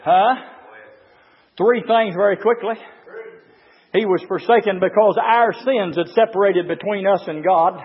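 A man preaching a fervent sermon to a gathering of men, swinging between shouts and low murmurs. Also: measured pace, long pauses. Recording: dull echoey hall recording.

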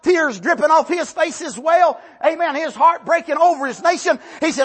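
A man preaching a sermon with impassioned, drawn-out emphasis, rising to shouts and calling out "Amen" between points. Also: very high voice, big pitch swings.

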